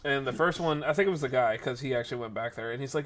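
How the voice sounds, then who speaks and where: A man casually telling a rambling workplace story, animated and acting out the voices of the people in it. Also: medium pitch, racing, few pauses.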